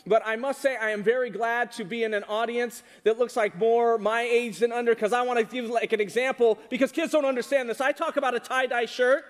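A man preaching a sermon to a congregation, animated and often asking them questions. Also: very high voice, brisk, few pauses. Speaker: pastor. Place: church hall with congregation. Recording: reverberant hall.

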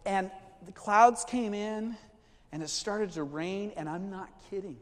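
A man preaching a sermon as pastor, animated and conversational, with asides to the congregation. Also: high voice, measured pace, big-room sound.

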